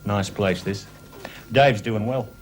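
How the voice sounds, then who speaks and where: A man's voice: on the low side, slow pace. An actor with an Australian accent playing a joking middle-aged uncle and wheeler-dealer who laughs through his brash banter. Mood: chatty.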